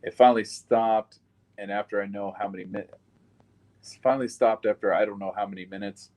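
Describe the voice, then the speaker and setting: A man's voice: fairly low pitch, steady tone, normal speed, a little mellow, rough recording. A man giving a recorded witness interview about surviving a shooting, telling it in a blunt, plain-spoken way with some swearing.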